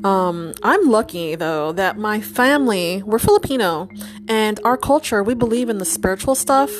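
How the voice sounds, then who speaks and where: Animated chatty woman telling a ghost story. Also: medium pitch, normal speed. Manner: animated, chatty, many fillers and restarts, acts out quoted voices. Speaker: storyteller and psychic nurse. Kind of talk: casual storytelling to camera.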